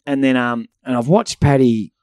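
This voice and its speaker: A man's voice: mid-range voice, normal speed, no echo, clean studio sound. An Australian man co-hosting a podcast, telling a story with lots of swearing and acted-out voices. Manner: animated, acts out voices in anecdotes, swears freely. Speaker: podcast co-host. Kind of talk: casual storytelling chat.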